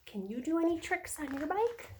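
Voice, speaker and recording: A woman who is a preschool teacher, reading a picture book aloud to young children in a slow, sing-song storytelling voice. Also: sits high, very animated, darkish tone, a little hiss or hum.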